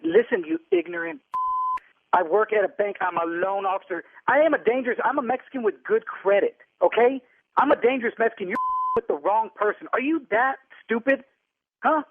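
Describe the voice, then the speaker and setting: A man with a strikingly high voice argues hard over the phone, firing back one indignant retort after another. The sound is thin and tinny, squeezed through a phone line. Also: no echo. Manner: indignant, insulting, rapid-fire retorts. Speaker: prank call target. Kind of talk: heated phone argument. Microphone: telephone.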